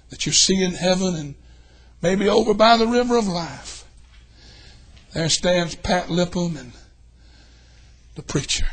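An older man preaching a revival sermon in a church, telling folksy stories and swinging from hushed tones to shouting. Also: high voice, slightly rough.

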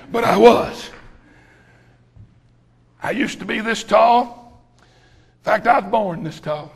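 A middle-aged man preaching a folksy, rousing sermon, often breaking into shouts. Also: very high voice.

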